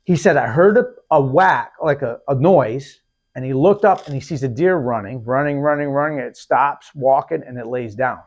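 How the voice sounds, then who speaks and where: A man hosting a podcast, telling a hunting story in a lively, casual way, acting out what people said and often restarting his sentences. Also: mid-range voice, normal speed. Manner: animated, acts out quotes, repeats and restarts. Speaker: podcast host.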